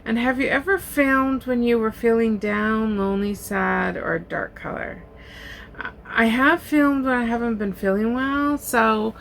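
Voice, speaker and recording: Casting note: older woman, homey vlogger, relaxed chatty delivery, slight gravel, faint background hiss. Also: mid-range voice. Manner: chatty, relaxed, many ums and uhs, laughs. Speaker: diamond art YouTuber. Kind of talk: casual chat answering tag questions. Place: home in an RV.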